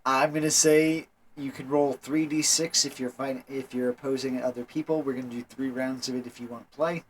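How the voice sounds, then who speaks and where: A man's voice: medium pitch, steady tone, fairly quick, a little hiss or hum, low-quality recording. Man calling rules as game master. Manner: plain, practical rule calls. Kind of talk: running a tabletop game.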